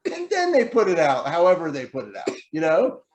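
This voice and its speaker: A man's voice: fairly high pitch, huge pitch swings, fairly quick, darkish tone, reverberant, dull audio, slight background noise. A man chatting as a guest on a video call, reflective and rambling, laughing easily. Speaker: guest, creator of an animated show. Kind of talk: casual video-call interview.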